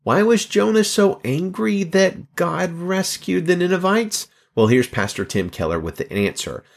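A man's voice: high-pitched, lively intonation, measured pace, vocal fry. A man hosting a Bible reading podcast, teaching and telling the story in an earnest, encouraging way. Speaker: podcast host.

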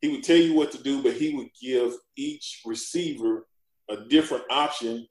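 A man's voice: medium pitch, normal speed, roomy sound, low-quality recording. A man, a former pro football lineman, telling stories in a casual chat and acting out the quotes. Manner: animated storyteller, acts out quotes. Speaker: former NFL lineman guest.

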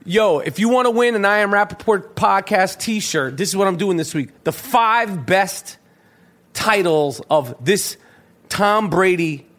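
A man hosting a podcast, talking casually in a brash, animated way. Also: high voice, unhurried. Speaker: podcast host.

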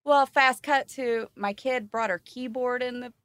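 A woman's voice: a little high, unhurried, fairly bright tone. A woman guest on a podcast, talking candidly and laughing as she tells stories about home life. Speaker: guest giving parenting advice. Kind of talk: casual podcast chat.

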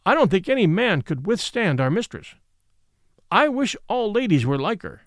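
A man's voice: sits high, very animated, moderate pace, no room sound, studio quality. A man reading a classic novel aloud, giving its characters their own voices. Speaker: audiobook narrator. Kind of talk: scripted storybook narration.

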